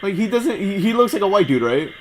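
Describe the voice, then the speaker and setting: A young man with a high-pitched voice co-hosts a casual podcast. He tells stories loosely and profanely, laughing as he goes. His pitch swings widely as he talks. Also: fast, a little hiss or hum. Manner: profane, animated storytelling with laughs. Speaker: podcast co-host. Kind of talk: casual chat. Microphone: shared podcast mic.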